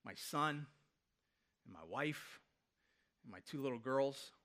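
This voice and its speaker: A man's voice: medium pitch, slow, a bit bright. A man in his thirties, a pastor preaching a sermon from a church stage, in a loose conversational way full of rhetorical questions. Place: church stage before a congregation.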